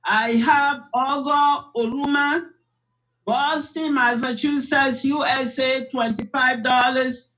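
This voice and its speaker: A woman reading out a list of donors, measured and hesitant with fillers. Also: high voice, fairly even intonation, fairly bright tone, rough recording. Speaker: donation announcer.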